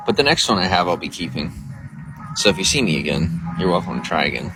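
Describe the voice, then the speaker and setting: A livestream host rambles to viewers outside near a coffee shop, reading chat messages out as he goes. His low voice swings widely in pitch and moves at a quick pace, with music playing underneath.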